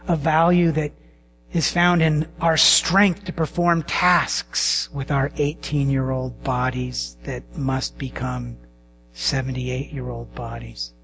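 Slow, hushed-preaching man. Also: medium pitch, little pitch movement, faint music behind. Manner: slow and intimate, dropping to hushed whispers. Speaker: pastor. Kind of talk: sermon.

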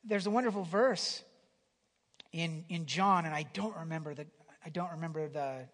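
A man preaching a sermon in a conversational way, restarting phrases and swinging from loud emphasis down to a near whisper, in a church hall. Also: on the high side, moderate pace. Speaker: pastor. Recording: long hall reverb.

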